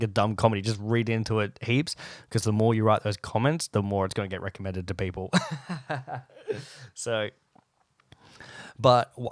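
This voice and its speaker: A young Australian man hosting a casual solo podcast, rambling and animated and swearing often, talking close to the microphone. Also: on the low side, no echo. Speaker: podcast host. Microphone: close podcast mic.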